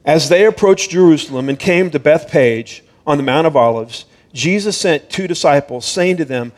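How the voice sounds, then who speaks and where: A man's voice: a little high, normal speed. A male pastor giving a sermon in a conversational, explanatory way, retelling a Bible story and reading scripture aloud.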